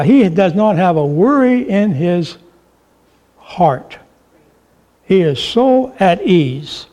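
Man, preacher, high voice, sermon, storytelling. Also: dark tone. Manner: storytelling, acting out quoted voices.

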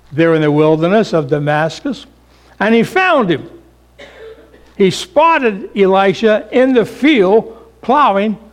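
A man pastor preaching a sermon, swinging between loud emphasis and hushed, near-whispered lines. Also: high voice.

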